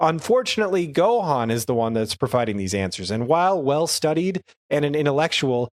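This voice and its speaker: A man co-hosting a casual podcast, analyzing episodes in a relaxed, thoughtful way. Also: a little high, fairly quick, no echo, clean studio sound. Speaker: podcast co-host.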